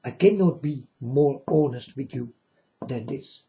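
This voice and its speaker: In a dull lo-fi recording, a man with a mid-range, dark-toned voice rants unhurriedly on his own channel. The monologue is blunt, scornful, and preachy.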